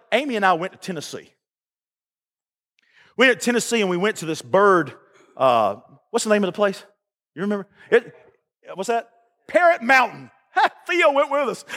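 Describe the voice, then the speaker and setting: A man's voice: sits high, bright, forceful tone, big-room sound. A man preaching a sermon, folksy and emphatic, with call-and-response asides to the congregation. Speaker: pastor. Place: church sanctuary.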